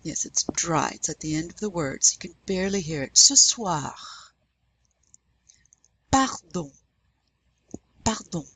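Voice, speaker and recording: A woman's voice: sits low, fast, few pauses, husky, rough recording. A woman French teacher giving a recorded lesson, patiently demonstrating pronunciation with repetition.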